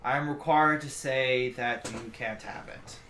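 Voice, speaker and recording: A man voicing a weary old male orc warrior who speaks in a low, tired and measured way. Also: sharp tone, a little hiss or hum. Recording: echoey room.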